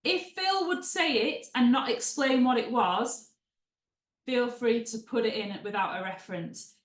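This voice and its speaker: A woman's voice: fairly high pitch, measured pace, roomy sound. A woman giving a webinar on report writing, explaining tips in a conversational way with chatty asides. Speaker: writing trainer and proofreader. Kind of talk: webinar teaching.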